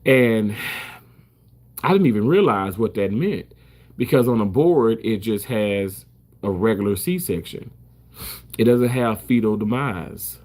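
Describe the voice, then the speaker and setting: Emphatic, swearing man talking to camera. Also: lowish voice. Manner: emphatic, repeats himself, swears freely. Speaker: surgical first assist. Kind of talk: casual talk to camera.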